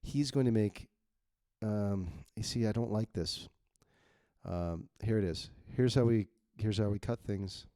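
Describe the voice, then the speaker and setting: A man's voice: fairly low pitch, a little slow, warm tone, dry recording, studio quality. A man editing his own novel on screen, thinking aloud bluntly and reading his draft lines to test them. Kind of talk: casual screen-recorded editing walkthrough.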